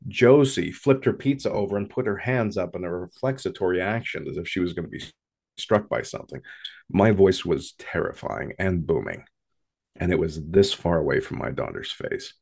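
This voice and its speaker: Man, deep voice with a rough gravelly edge, intense first-person ghost storyteller. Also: a little mellow. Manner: intense and dramatic, with long pauses.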